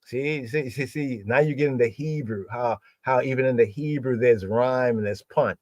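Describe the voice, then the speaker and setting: A man hosting a livestreamed bible word study, repeating key words slowly and often checking in with "right?". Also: medium pitch, darkish tone, no room sound.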